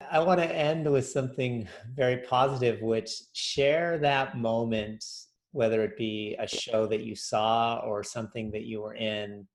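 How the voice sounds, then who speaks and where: A man's voice: mid-range voice, steady tone, a little slow. A man hosting an interview over a video call, asking questions and closing politely. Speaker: host, interviewer.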